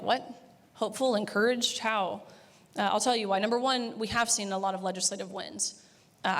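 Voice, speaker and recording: Young woman speaking in a reverberant hall. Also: medium pitch. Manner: conversational with frequent "uh" fillers, blunt and emphatic. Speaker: banquet speaker. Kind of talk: speech at a banquet. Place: banquet hall.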